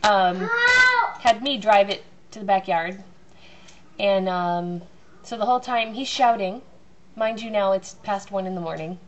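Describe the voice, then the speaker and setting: A woman's voice: mid-range voice, measured pace, long pauses, noisy background. A woman telling a long, rambling, self-mocking story about her family at home. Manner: chatty, self-mocking, acts out loud voices.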